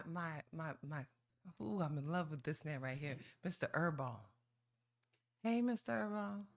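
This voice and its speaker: Playful folksy woman at a council podium. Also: fairly low pitch. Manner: playful, folksy and teasing, with drawn-out "ooh" exclamations. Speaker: resident giving public comment. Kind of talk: informal public comment at a council meeting.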